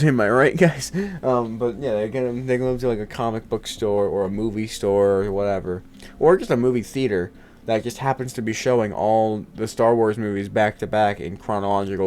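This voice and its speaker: A man's voice: on the low side, darkish tone. A man chatting casually as a host, rambling with lots of fillers and jokes. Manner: rambling, filler-heavy, joking. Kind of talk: casual chat.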